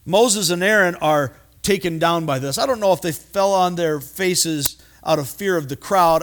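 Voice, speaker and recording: A man preaching a sermon, animated and acting out voices, often stumbling and repeating words. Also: fairly high pitch. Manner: animated, acts out voices in quotes. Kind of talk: expository sermon.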